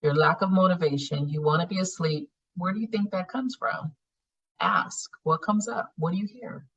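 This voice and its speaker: A woman leads a spiritual healing class in a blunt, profane, animated way. Her voice sits low but sounds bright and husky. She is picked up from a little way off the mic. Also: normal speed, recorded from a distance, muffled recording. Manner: blunt, profane, animated coaching with frequent laughs. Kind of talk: live online class teaching.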